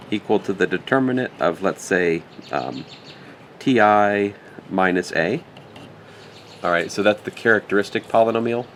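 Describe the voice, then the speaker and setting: A man's voice: lowish voice, a little hiss or hum. A man teaching a recorded math lecture, working through a problem aloud as he writes, with joking asides and muttered self-corrections. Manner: thinks aloud while writing, joking asides. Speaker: math instructor.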